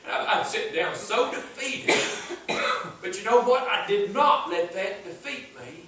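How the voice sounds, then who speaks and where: High, bright-voiced preacher in an echoing church. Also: male voice, very animated, unhurried. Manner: fervent, emphatic, repeats refrains. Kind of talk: sermon. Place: church sanctuary. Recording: echoey church from far off.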